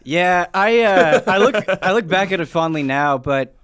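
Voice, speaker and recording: A man's voice: high-pitched, expressive, normal speed, a bit bright, smooth. A man hosting a casual chat, rambling with lots of fillers. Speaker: podcast host.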